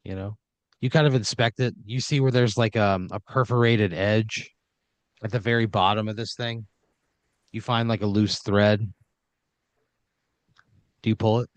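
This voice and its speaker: In a dry recording, a man with a lowish, steady voice narrates an improvised horror comedy scene as the storyteller running it. He moves at a measured pace with long pauses, rambling loosely through fillers and restarts.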